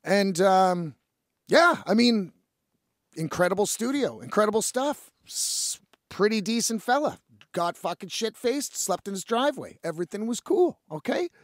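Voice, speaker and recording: A man's voice: high-pitched, normal speed, no echo, clean studio sound. A man hosting a podcast, telling a story in casual, profane talk and acting out the other people's lines. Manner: profane, animated, acts out quoted voices. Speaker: podcast host.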